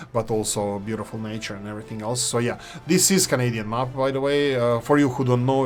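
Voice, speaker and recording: A man, hosting casual gameplay commentary in a rambling, opinionated way. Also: medium pitch. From former Yugoslavia. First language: Serbo-Croatian. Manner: rambling, opinionated, self-correcting. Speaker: gaming channel host.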